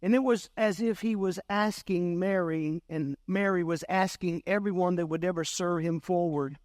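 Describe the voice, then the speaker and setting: A pastor delivering an earnest sermon, now and then clearing his throat. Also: high-pitched, moderate pace, few pauses, a little mellow, no echo, clean studio sound. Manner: earnest preaching, coughs and clears throat at times.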